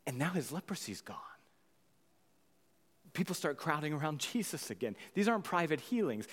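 Animated man preaching in a reverberant hall. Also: medium pitch. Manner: animated, swings from loud exclamations to hushed near-whispers. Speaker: pastor. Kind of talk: sermon.

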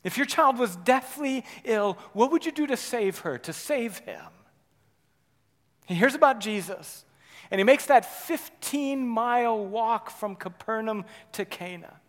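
A man preaching a sermon, swinging between loud urgent passages and quiet, intimate ones, often checking in with "right?". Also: very high voice, expressive, unhurried, big-room sound. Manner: dynamic preaching, rising loud then dropping soft, frequent "right?". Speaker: pastor.

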